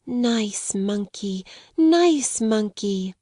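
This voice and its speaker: A woman reading an audiobook, voicing an earnest, gentle and polite young girl who speaks eagerly and tenderly. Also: a little high, lively intonation, moderate pace, no room sound, studio quality, natural voice.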